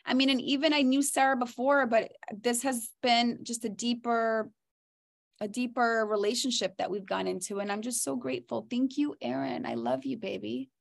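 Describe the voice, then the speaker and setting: A woman saying goodbye as a podcast co-host, talking in an emotional, halting way with restarts. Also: fairly high pitch, creaky. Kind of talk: casual chat.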